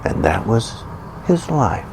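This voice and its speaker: A commentator launches into an indignant political rant, sarcastic and mocking, repeating phrases for emphasis and mocking opponents with exaggerated sighs and gasps. His voice is on the low side with big pitch swings, slow, against a noisy background.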